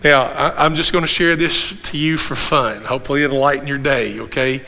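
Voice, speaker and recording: A man in his sixties, a pastor preaching an animated sermon with rhetorical questions and repeated refrains. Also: mid-range voice, brisk, creaky. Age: 60s. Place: church sanctuary. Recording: long hall reverb in a church.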